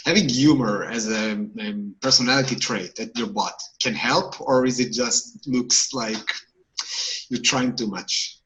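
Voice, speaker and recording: A male host with an ordinary mid-range voice, asking questions in a relaxed interview. He sounds friendly and openly encouraging toward his guest. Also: mid-range voice, measured pace, low-quality recording. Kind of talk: casual interview chat.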